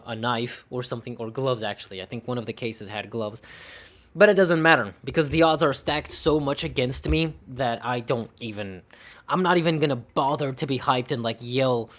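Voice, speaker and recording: A young man talks casually to his livestream audience, his voice sitting at an ordinary middle pitch. He rambles, restarts sentences and answers small letdowns with dry, sarcastic remarks and short laughs. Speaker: streamer. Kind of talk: casual livestream commentary while opening game cases.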